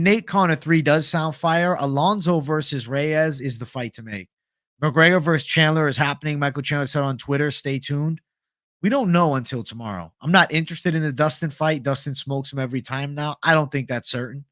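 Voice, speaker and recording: Fairly high-pitched and a bit bright, this young male livestream host talks casually, curses without restraint, and responds to viewer comments he reads out loud. The recording is dry and studio quality.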